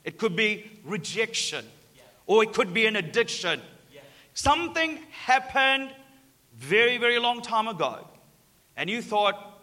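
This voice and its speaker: A man preaching a sermon, telling a personal story with animated delivery and repeating key lines to the congregation. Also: sits high, unhurried. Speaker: pastor. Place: large hall before a live congregation. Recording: long reverb of a large hall.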